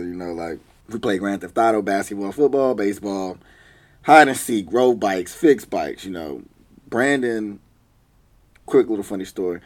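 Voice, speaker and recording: A young man with a lowish voice telling stories from his childhood, loose and slangy. He laughs often and teases as he talks, in a relaxed, chatty vlog manner. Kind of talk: casual storytelling.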